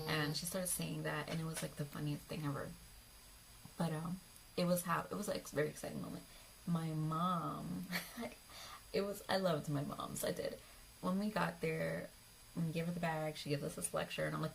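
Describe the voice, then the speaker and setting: A woman's voice: low-pitched, flat delivery, normal speed, gravelly, a little hiss or hum, poor audio. A young adult woman vlogger telling a personal story in a casual, rambling way. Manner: chatty, rambling, with fillers and acted quotes.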